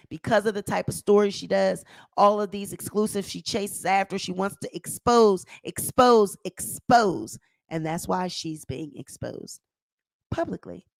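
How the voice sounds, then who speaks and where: A woman's voice: mid-range voice, vocal fry, no room sound. A woman hosting a gossip commentary channel, talking emphatically and repeating phrases for effect. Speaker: channel host.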